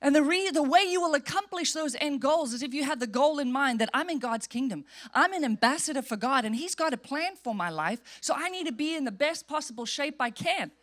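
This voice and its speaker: A woman pastor giving a conversational, humorous sermon, acting out quick voices of churchgoers. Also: high-pitched, animated, a bit bright.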